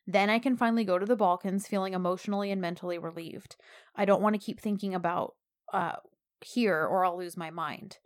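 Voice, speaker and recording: Woman, casual chat, retelling a drama scene, acts out lines, lively. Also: on the low side, brisk. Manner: animated retelling, acts out the lines with rising emphasis. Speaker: podcast co-host recapping a drama.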